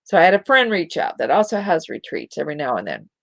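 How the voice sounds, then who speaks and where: A middle-aged woman hosting a spiritual talk show, speaking in a slow, gentle and encouraging way to her listeners. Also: low-pitched, sing-song, creaky, no room sound. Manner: gentle, encouraging, drawn-out delivery with soft giggles.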